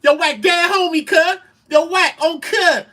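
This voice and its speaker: A man putting on a high, squeaky, insistent voice to mock another man who keeps pleading. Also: steady tone, measured pace, pushed and bright, exaggerated voice. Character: shrill pleading man, mocked and overblown.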